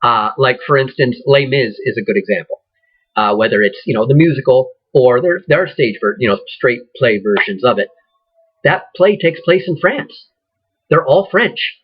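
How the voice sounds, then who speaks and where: A man teaches acting in a loose, rambling way, full of fillers and restarts. His voice is husky, at an ordinary pitch for a man. The recording is somewhat dull and lo-fi. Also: expressive, normal speed. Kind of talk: casual lecture.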